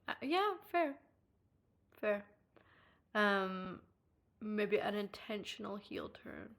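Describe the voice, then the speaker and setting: A young woman from Ireland chats casually with her live-stream audience and reads the live chat, her voice bright and forward. She giggles a lot, swears freely, and squeals with excitement when something delights her, speaking slowly in a mid-range voice.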